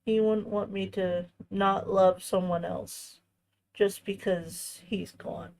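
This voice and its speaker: Slow-spoken woman with vocal fry. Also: medium pitch, steady tone, a little mellow, poor audio. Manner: tender, reflective storytelling; halting, with many restarts. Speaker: crafting channel host. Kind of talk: casual chat while crafting.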